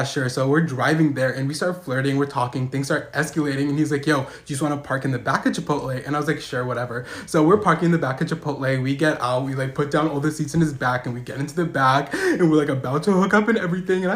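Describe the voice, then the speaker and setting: A young man races through funny personal stories at a quick clip, recorded in a roomy, echoing space. He talks in a casual storytime way and keeps climbing into shrieking, animated highs whenever a punchline lands. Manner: fast, animated, voice shooting up high and loud at punchlines. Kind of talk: comedic storytime monologue.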